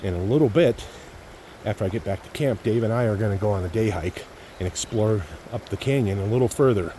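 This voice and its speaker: A middle-aged man with a somewhat low voice narrates his backpacking trip in a relaxed, folksy way, calling his viewers "folks." He's outdoors in the mountain woods, and a faint hiss of outdoor noise sits under his voice. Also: brisk. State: a little out of breath. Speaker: backpacking vlogger. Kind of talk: casual outdoor vlog narration.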